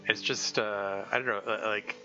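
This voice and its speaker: Bright-toned male streamer, rambling and chuckly, muffled audio, faint music under. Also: lowish voice, steady tone, moderate pace. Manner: rambling, laughing, many restarts. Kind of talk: live-stream game commentary.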